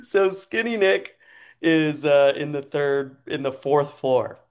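A man's voice: fairly high pitch, slow, darkish tone, clear, resonant tone. A man casually telling an improvised story, chatty and laughing often, checking in with his listener.

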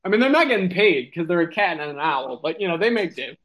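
High-voiced man rambling through a comic story. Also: big pitch swings, quick pace, fairly bright tone. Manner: rambling, giggly, many fillers. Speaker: improv storyteller.

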